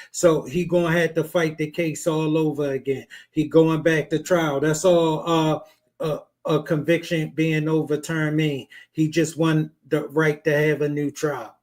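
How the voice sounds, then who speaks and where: A man's voice: fairly high pitch, a little mellow. A man hosting a podcast, casually explaining a case to his listeners and addressing them as fellas. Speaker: podcast host. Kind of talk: commentary on a played clip.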